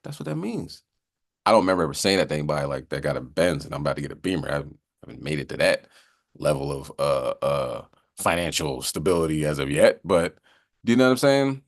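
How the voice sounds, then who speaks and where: With a rumbling low voice, this man speaks quickly and expressively while leading a casual Bible class. His style is loose and chatty, and he often asks "you know what I mean" and slips into joking voices to act out sayings.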